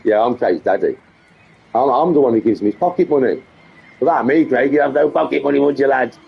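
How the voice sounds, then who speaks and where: A man's voice: medium pitch, lively intonation, a little fast, creaky, husky. A middle-aged man with a Birmingham accent, boasting and mocking in a swearing vlog rant. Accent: English, Birmingham. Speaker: vlogger. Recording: muffled lo-fi clip audio.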